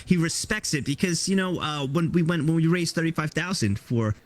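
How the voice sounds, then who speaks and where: A man's voice: on the high side, expressive, a little fast. A young man who is a guest on an interview stream, telling stories in a rambling, casual way. He repeats himself often and restarts his sentences as he goes along.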